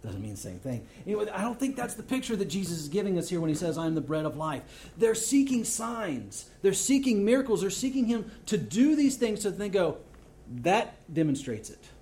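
Mellow-voiced male preacher telling stories. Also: high-pitched, a little fast, few pauses. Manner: lively storytelling, reading scripture aloud. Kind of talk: sermon.

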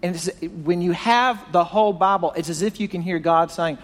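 A man's voice: high voice, normal speed, hardly any pauses. Preacher man in a reverberant hall. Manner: dramatic retelling, acting out quoted voices. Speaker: pastor. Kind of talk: sermon.

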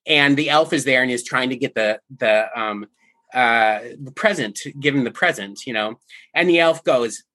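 Bright-voiced chatty male guest. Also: medium pitch, normal speed. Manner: chatty, stumbling restarts, laughing. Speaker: podcast guest. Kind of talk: casual chat.

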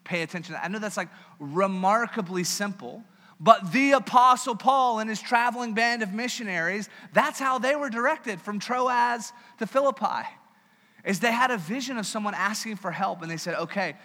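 A man preaching a sermon as pastor, in a conversational, joking and animated manner, in a church hall with a long reverb. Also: high voice, normal speed.

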